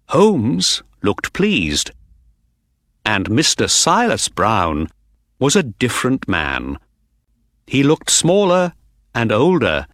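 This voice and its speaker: A man narrating a story for learners in a slow, clear storytelling manner. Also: lowish voice, a bit bright, no room sound, studio quality. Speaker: audiobook narrator.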